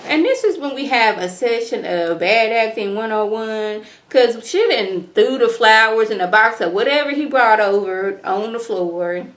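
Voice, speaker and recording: A young woman recapping a reality show in a sassy, animated way, mimicking the people she talks about. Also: on the high side, measured pace, hardly any pauses. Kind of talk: casual recap commentary.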